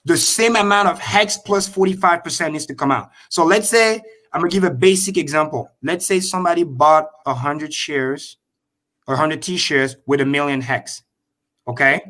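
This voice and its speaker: A man on a video call explaining crypto with excitable, profane energy and repeating key points slowly for emphasis. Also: fairly high pitch. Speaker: crypto show guest. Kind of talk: animated livestream explanation.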